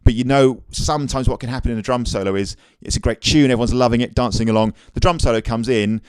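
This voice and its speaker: A man giving a casual, upbeat drum lesson on video, chatting easily and counting rhythms out loud. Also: mid-range voice, fast talker, clean tone, no room sound. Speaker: drum teacher. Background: drum kit playing.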